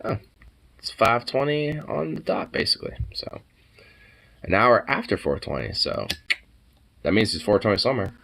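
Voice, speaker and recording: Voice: medium pitch, sing-song, normal speed, creaky, pauses often, a bit bright, slight background noise. A streamer in loose, profane, laid-back casual chat while playing a game.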